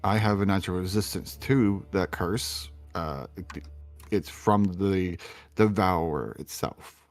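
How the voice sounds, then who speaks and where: A man's voice: deep voice, measured pace, no echo, soft background music. A man playing in a tabletop game, explaining his character's actions in a matter-of-fact way. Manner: matter-of-fact, chuckles between lines. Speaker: player. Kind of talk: casual tabletop play.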